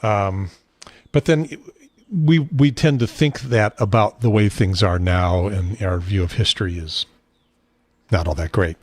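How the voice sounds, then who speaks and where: A man hosting a casual podcast chat who talks haltingly and often restarts. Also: lowish voice, no echo. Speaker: podcast host.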